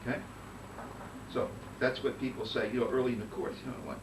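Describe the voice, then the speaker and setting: A man teaching a conducting master class, giving brisk coaching commands and singing phrases in nonsense syllables. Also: mid-range voice, level tone. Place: rehearsal room with band. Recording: roomy distant recording with noise.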